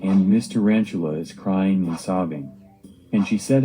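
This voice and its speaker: Male narrator for a homemade cartoon diary: plain and earnest, very dark, mellow tone. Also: sits low, normal speed, soft background music, rough recording. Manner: simple, earnest storytelling with plain phrasing. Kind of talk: storytelling.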